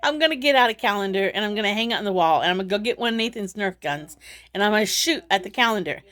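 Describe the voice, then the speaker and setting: A woman's voice: mid-range voice, lively intonation, racing, fairly bright tone. A middle-aged woman chatting casually to her vlog viewers, rambling and laughing through her frustration. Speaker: vlogger.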